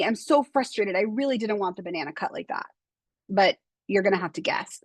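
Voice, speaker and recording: A young woman, an occupational therapist, giving a relaxed online talk to parents, full of fillers like "like" and "kind of". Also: medium pitch, dry recording. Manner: conversational, many fillers like "like" and "kind of".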